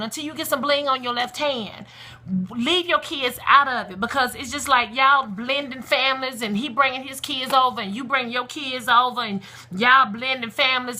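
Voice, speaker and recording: Emphatic, bright-voiced woman giving blunt advice. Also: on the high side. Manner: emphatic, preachy, outspoken with vernacular asides. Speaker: parenting blogger. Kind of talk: casual direct-to-camera advice.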